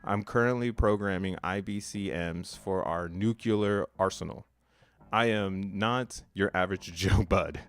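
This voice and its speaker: A man's voice: low voice, a little slow. A man casually streaming, reading social media posts aloud with profane slang and frequent laughter. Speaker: crypto streamer.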